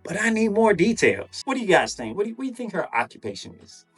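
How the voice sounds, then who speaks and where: A man's voice: sits high, quick pace, breathy edge. A man hosting reaction commentary, chuckling and talking straight to his viewers. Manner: chuckling, animated, addresses viewers directly. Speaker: commentary host. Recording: distant mic, faint music.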